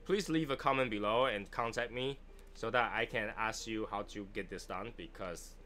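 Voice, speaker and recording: A man's voice: fairly low pitch, moderate pace, bright, forceful tone, a little hiss or hum. A man with a Chinese accent hosting a casual cigar livestream, chatty and joking as he answers viewers. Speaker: livestream host reviewing cigars. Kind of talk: casual live chat.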